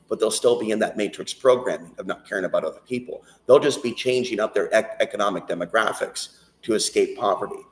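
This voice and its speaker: A man delivering an intense, rambling spiritual monologue and prayer on his own channel, swearing freely. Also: lowish voice. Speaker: channel host. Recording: echoey.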